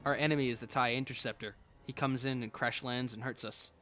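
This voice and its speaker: A man doing casual gameplay commentary as a let's play host, excitable, sarcastic and self-mocking. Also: medium pitch, fairly quick, soft background music.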